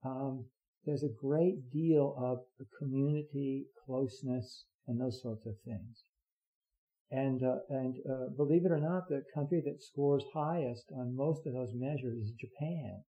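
A man's voice: mid-range voice, mellow, poor audio. A man giving a heartfelt, rambling Zen dharma talk, full of fillers and restarts. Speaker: Zen teacher.

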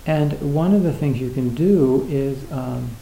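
A man's voice: medium pitch, a little slow, creaky, warm tone, reverberant, slight background noise, rough recording. A man giving a reflective, casual talk on Zen, hesitant and full of fillers, acting out little dialogues.

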